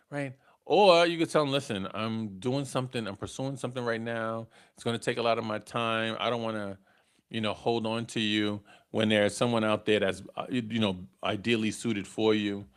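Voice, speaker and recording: A man's voice: fairly low pitch, a bit bright, smooth. A middle-aged man, hosting a live dating podcast in a casual storytelling way and tagging his lines with "right?". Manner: conversational, tags lines with "right?", chuckles at own stories. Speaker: podcast host.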